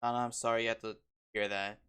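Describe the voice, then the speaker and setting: A woman's voice: rumbling low, little pitch movement, fast talker, a bit bright, smooth. A young woman streaming a game, chatting in a rambling way full of fillers and restarts. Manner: rambling, self-correcting, lots of "like". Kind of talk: casual gameplay chat.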